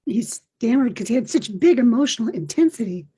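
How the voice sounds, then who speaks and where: An older woman hosting a podcast, telling a personal story in a gentle, reflective way. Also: on the high side, lively intonation, a little fast, slightly rough. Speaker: podcast host.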